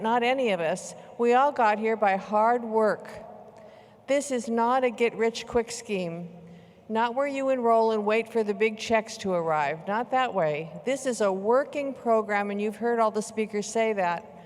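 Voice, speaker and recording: Older woman, high-ish voice, emphatic motivational keynote, arena reverb. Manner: emphatic, slow measured repetitions. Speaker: keynote speaker. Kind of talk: motivational convention speech. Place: large convention arena. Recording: long hall reverb in arena.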